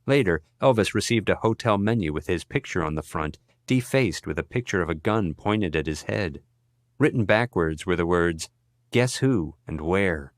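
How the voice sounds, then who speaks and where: Male audiobook narrator, low voice, dry close sound, measured read. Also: animated, no echo. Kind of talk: scripted narration.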